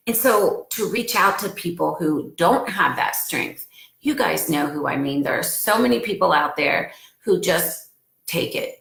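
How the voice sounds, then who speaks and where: A woman in her forties speaks earnestly and emotionally on a home live stream, her fairly low voice carrying a gravelly fry. The room is echoey, as if she is talking into a phone or webcam. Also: fairly bright tone. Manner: emotional, earnest, gets choked up. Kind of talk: casual live-stream talk to followers.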